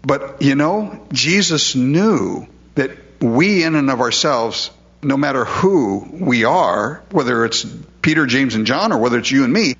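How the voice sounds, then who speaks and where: A man's voice: mid-range voice, expressive, a little slow, a bit bright, dull audio. A man preaching a verse-by-verse sermon in a conversational way, often asking rhetorical questions. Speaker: pastor. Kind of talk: expository sermon.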